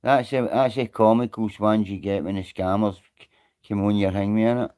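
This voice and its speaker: A man's voice: fairly low pitch, measured pace, long pauses, darkish tone. A Scottish man on a live stream, rambling and greeting viewers by name in casual chat.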